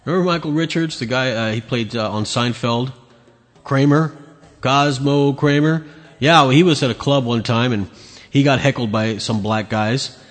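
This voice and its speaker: A man's voice: medium pitch, moderate pace, in a large hall. A man hosting his own podcast, ranting bluntly and sarcastically with lots of swearing. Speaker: podcast host. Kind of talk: opinionated solo rant.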